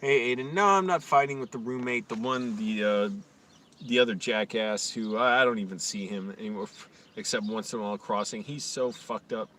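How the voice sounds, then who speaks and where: A man's voice: mid-range voice, fairly quick, sharp tone, a little hiss or hum. Young guy ranting and cursing on a stream, sarcastic, a bit far off the mic. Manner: profane, rambling, sarcastic mock voices. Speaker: live streamer. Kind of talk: casual ranting monologue.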